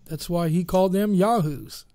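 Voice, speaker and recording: A man's voice: high-pitched, moderate pace, mellow, no room sound. A man hosting an internet radio talk show, bantering easily with his caller. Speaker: radio host. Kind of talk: casual radio chat.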